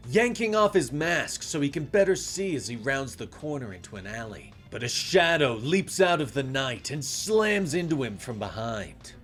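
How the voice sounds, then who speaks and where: Animated male storyteller over faint music. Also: a little high. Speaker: narrator. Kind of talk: scripted comic story narration.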